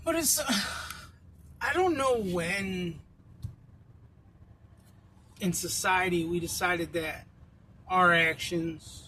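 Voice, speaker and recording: A man's voice: high voice, slow, long pauses, poor audio. A man ranting bluntly and profanely while driving, rambling from one point to the next. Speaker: vlogger. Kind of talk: casual rant while driving. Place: inside a car on the road. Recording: loud road and engine noise.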